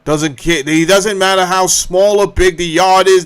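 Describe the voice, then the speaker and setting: A man's voice: sits high, a little slow, clear, resonant tone. A man hosting a podcast, telling a comedic story with lots of profanity and acted-out quotes. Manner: profane, animated, acts out quotes. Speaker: podcast host.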